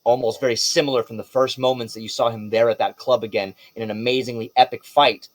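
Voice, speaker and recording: A man's voice: medium pitch, steady tone, fast talker, dry recording. A man running a tabletop game as game master, narrating loosely with casual swearing.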